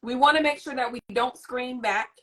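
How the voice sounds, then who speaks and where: A woman hosting a parenting talk, explaining in a lively, teacherly way and addressing the audience directly. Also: sits high, normal speed. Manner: animated, teacherly, demonstrates a soothing voice. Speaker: host and parenting coach. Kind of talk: live interview chat.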